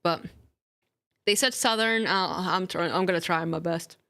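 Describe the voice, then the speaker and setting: Slow-talking woman gamer. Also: lowish voice, creaky, bright, forceful tone. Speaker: gamer reading a game aloud. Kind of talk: casual let's-play commentary.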